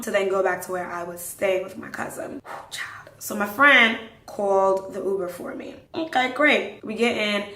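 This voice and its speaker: Animated young woman telling a story. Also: mid-range voice. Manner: animated, dramatic retelling with acted-out quotes. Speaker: podcast host. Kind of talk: casual storytelling. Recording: roomy, distant mic.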